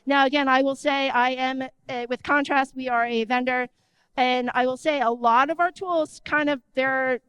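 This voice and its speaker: A woman giving an energetic conference talk in a conversational tone, often checking in with the audience. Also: high voice, dry recording. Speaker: conference speaker. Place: conference stage.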